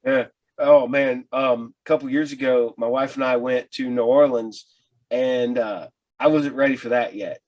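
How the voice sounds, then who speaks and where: A man's voice: medium pitch, fairly even intonation, moderate pace, darkish tone. A man hosting a casual podcast, easygoing and chuckling, who trips over his words as he tells a story. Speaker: podcast host.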